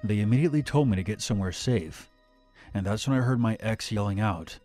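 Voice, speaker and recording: A man reads a scripted horror story aloud in a steady, measured voice. His voice sits on the low side. Faint music plays underneath. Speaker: narrator.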